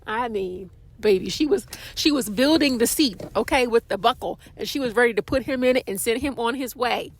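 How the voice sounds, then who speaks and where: A woman hosting a casual podcast, telling a story in an animated, dramatic way. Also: a little fast, hardly any pauses. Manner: animated and dramatic, with expressive pitch jumps. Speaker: podcast host.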